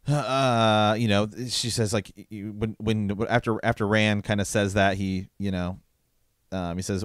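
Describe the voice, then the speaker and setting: A man co-hosting a podcast in casual conversation, reading book passages aloud in a halting way with many fillers. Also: on the low side, fairly even intonation, dry recording, studio quality. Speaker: podcast co-host.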